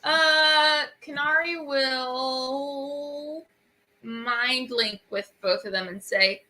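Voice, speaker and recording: Bright-voiced slow-talking woman player. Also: sits high. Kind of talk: playing a tabletop game.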